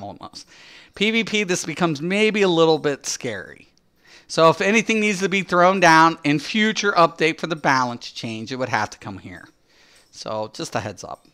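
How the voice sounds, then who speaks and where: A man with a high, clear voice rants through game patch notes, excitable and swearing constantly. His tone is bright and edgy, and he breaks into laughter often as he reacts. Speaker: gaming streamer. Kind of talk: profane patch-note reaction commentary.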